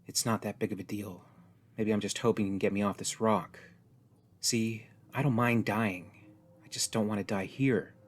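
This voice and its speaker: A man's voice: on the low side, steady tone, moderate pace, slight background noise, natural voice. A man voicing a jaded, resigned young woman. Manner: blunt, weary, resigned. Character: jaded tough young woman stranded on an alien world.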